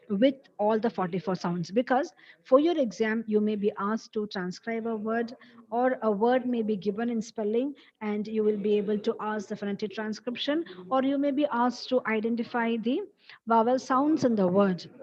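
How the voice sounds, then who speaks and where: Woman lecturer, patient and explanatory, slightly high voice, dull lo-fi sound. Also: darkish tone. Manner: patient, explanatory, repeats key points. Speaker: college English teacher. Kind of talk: classroom lecture on phonetics.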